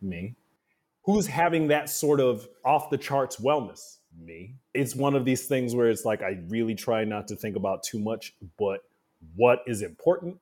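A man talking in a casual interview, an animated storyteller who acts out the voices he quotes. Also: medium pitch, a little slow. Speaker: guest.

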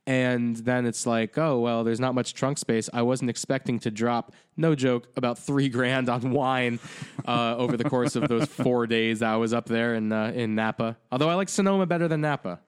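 A man's voice: medium pitch, normal speed, smooth. A man co-hosting a podcast, chatting casually with rambling, joking banter. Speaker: podcast co-host. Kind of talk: casual chat.

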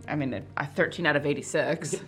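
A woman playing a tabletop game, making wry, amused remarks. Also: low voice. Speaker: player. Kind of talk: casual tabletop play.

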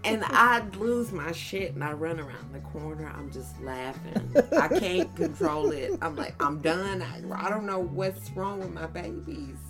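Lively woman telling family stories. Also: a little slow, hardly any pauses, over music. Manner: animated storyteller, acts out toddlers in high voices. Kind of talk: casual chat.

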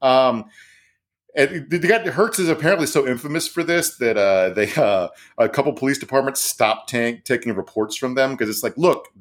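A man co-hosts a podcast and tells casual stories. He rambles, restarts his sentences and swears freely. His voice has an ordinary middle pitch. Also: normal speed. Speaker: podcast co-host. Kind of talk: casual storytelling chat.

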